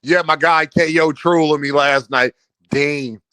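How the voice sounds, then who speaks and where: A young man giving a casual, trash-talking opinion rant on boxing, animated and repeating himself, laughing often. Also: fairly high pitch, normal speed, clear, resonant tone, no echo. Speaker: boxing commentator.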